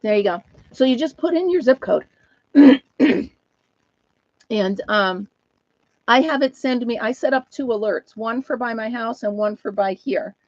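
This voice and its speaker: A woman's voice: a little high, a little mellow, no room sound, muffled recording. A woman hosting a casual live chat from home, laughing often and talking to viewers and her dog. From United States. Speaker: host of a live chat stream.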